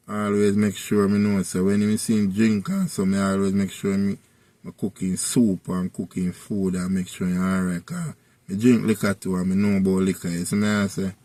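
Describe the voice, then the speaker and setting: A man's voice: fairly low pitch, little pitch movement, normal speed, mellow, no room sound. Rambling Jamaican man telling a story. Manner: rambling patois storytelling with repeated tag phrases. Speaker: vlogger. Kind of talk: casual storytelling.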